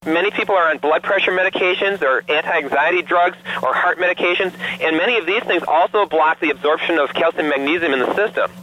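A man's voice: fairly high pitch, quick pace, few pauses, sharp tone, a little hiss or hum, poor audio. A man, a doctor guest calling into a radio show, telling earnest stories to promote a product. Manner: earnest testimonial storytelling with fillers.

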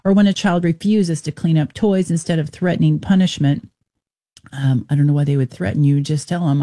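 A woman's voice: lowish voice, fairly quick, warm tone. A middle-aged woman hosting a Christian talk radio show, speaking in an earnest, conversational way. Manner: earnest, conversational, with brief laughs and restarts.

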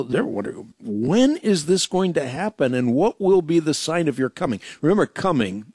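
A man's voice: mid-range voice, darkish tone, no room sound, clean studio sound. A man hosting a radio broadcast, explaining scripture emphatically with rhetorical questions. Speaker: radio show host answering Bible questions.

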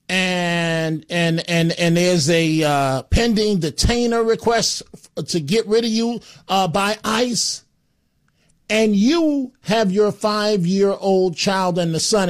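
A man hosting a talk radio show, blunt and scornful as he takes calls. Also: high voice.

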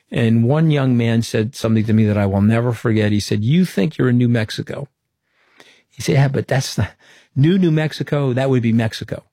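Low-voiced man telling an animated story. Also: no room sound, clean studio sound. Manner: animated storyteller, acts out quoted dialogue. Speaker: interview guest. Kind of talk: conversational interview storytelling.

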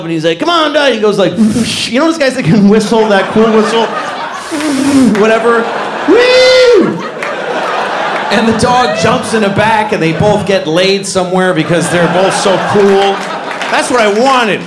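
A man's voice: sits high, brisk, over a noisy crowd. A middle-aged man doing a stand-up comedy routine, telling stories animatedly and acting out voices. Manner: animated storytelling with acted-out voices, often laughing. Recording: echoey venue with background noise.

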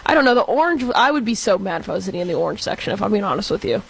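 A young man in his twenties, from Texas, with a high voice. He chats casually about sports and fills his talk with "like" and "I don't know.". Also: very animated, racing, creaky, fairly bright tone, breathy edge, low-quality recording. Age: 20s. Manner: chatty, lots of fillers.

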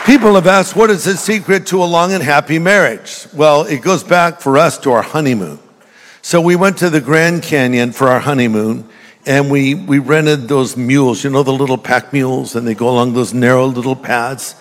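Speaking at a normal speed in a mid-range voice, an older male pastor jokes, tells stories, and talks straight to his congregation during a sermon. The church recording carries a large hall's long reverb, with some chatter in the background.

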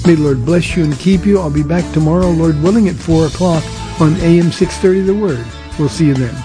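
A man's voice: a little high, a little fast, over music. An older man, a pastor, answering listener questions on a radio show in a plainspoken way, with frequent "uh"s and repeated words. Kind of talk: radio Q&A sermon.

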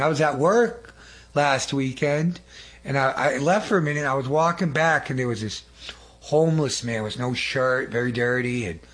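A man's voice: fairly high pitch, slightly rough. A man giving an earnest, informal church testimony to a congregation, rambling and often correcting himself mid-sentence.

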